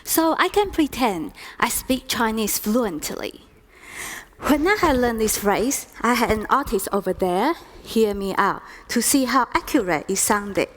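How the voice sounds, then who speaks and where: A woman in her thirties tells a reflective story in a stage talk. Her voice sits somewhat high, and she speaks at a slow, unhurried pace. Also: expressive. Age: 30s.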